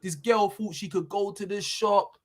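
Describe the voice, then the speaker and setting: High-voiced emphatic man. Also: fairly even intonation, moderate pace. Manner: emphatic, repetitive, peppered with street slang. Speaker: podcast guest telling a story. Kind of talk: casual chat.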